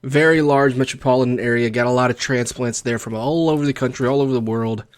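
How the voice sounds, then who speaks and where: A man's voice: medium pitch, fairly even intonation, quick pace. A young man with a light Texan accent talks through his solo game session. He rambles easily from the play to side stories, with a wry, chatty humor. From Texas. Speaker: let's play gamer. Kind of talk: casual gameplay commentary.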